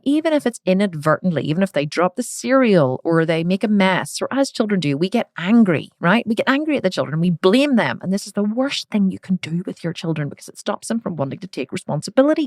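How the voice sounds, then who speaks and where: A middle-aged woman, hosting a podcast and telling a personal story in a frank, animated way with casual swearing. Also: lowish voice, no room sound, clean studio sound. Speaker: podcast host. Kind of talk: candid personal storytelling monologue.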